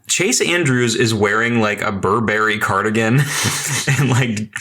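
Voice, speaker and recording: Bright-toned man with dry asides. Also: on the low side, a little slow. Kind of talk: casual film chat.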